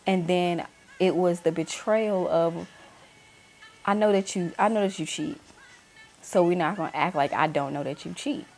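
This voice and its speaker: A woman's voice: on the low side, moderate pace, darkish tone, soft background music. A woman in her thirties, host of her own talk channel, candidly telling a personal story and acting out the voices of people she quotes. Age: 30s.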